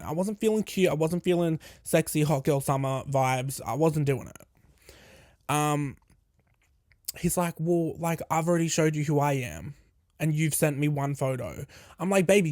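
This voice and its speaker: Young guy podcast storytime, kinda high voice, dry close mic, swears a lot, acts out the convo. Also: dry recording. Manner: candid, swearing, animated retelling with quoted dialogue. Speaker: podcast host. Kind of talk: casual storytime.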